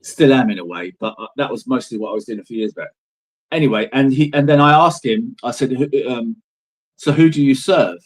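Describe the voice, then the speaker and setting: A man's voice: mid-range voice, fast talker, poor audio. A middle-aged man, a guest in an interview, telling stories in a rambling, emphatic way and swearing freely. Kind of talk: casual storytelling in an interview.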